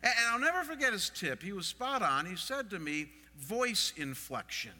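Middle-aged male pastor, high and very bright, preaching to the room in a long hall reverb. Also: fairly quick. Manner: expressive, asks the audience questions. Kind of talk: sermon.

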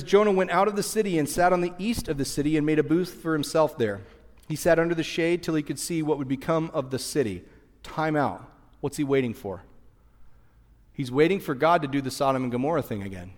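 A man preaching a sermon and teaching from the pulpit, lively and conversational, briefly acting out the people in the story. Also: a little high, in a large hall. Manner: animated, acts out voices of people in the story. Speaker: pastor.

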